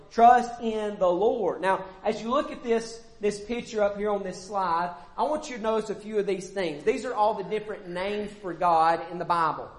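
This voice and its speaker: A man preaching a sermon, emphatic and repetitive, with pauses and self-corrections. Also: sits high.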